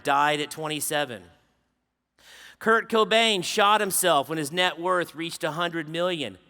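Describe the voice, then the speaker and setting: A man preaching to a conference crowd, telling stories in an animated way, acting out dialogue and dropping to a hush for somber moments. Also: high voice. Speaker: conference speaker. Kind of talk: storytelling sermon. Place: large conference stage.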